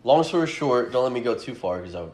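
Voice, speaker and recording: A man's voice: medium pitch, expressive, fast talker, a little mellow. A man in his twenties hosting a podcast, telling rambling, profane stories in casual chat and acting out the quotes. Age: 20s. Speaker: podcast host.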